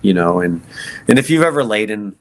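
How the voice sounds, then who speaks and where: A man, a podcast guest, telling his personal story in an earnest, halting way with many fillers and restarts. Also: lowish voice, animated. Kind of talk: personal testimony in conversation.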